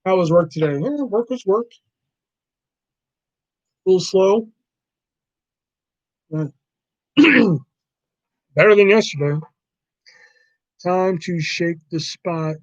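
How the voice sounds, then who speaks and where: A man's voice: high-pitched, takes it slowly, long pauses, dry recording, lo-fi sound. A man hosting a casual livestream, rambling and swearing freely while reacting to chat. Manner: rambling, profane, laughs often. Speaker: livestream host.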